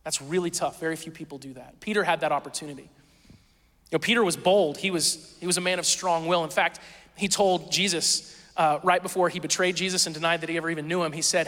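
A man's voice: on the high side, fast talker, bright, forceful tone, in a large hall. A male pastor preaching a sermon in a conversational, storytelling way, acting out quoted voices.

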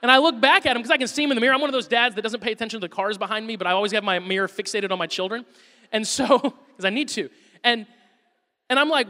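Male pastor, 30s, high bright voice, animated storyteller; long hall reverb. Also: fast. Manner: lively storyteller, acts out his kids' voices. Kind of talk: sermon with a personal story.

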